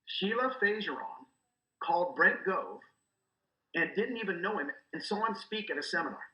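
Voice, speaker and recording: A middle-aged man giving energetic coaching talk as a guest, acting out quoted dialogue as he goes. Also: high voice, moderate pace, reverberant, low-quality recording. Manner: animated, acts out quoted dialogue. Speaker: guest, real estate recruiter.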